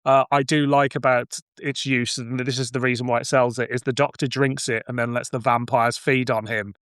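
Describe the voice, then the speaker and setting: Clear-voiced man, thoughtful. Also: medium pitch, flat delivery, normal speed, fairly bright tone, no room sound, studio quality. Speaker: podcast guest. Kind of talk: casual podcast chat.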